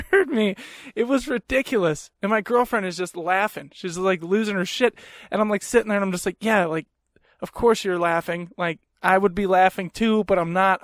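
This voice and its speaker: A young man with a fairly high voice tells stories on his podcast, swearing freely and poking fun at himself. He sits right up on the mic in a small room at home, and the sound is dry and close, with no room echo. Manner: profane, animated storytelling; self-mocking. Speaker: podcast host. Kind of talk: casual podcast chat.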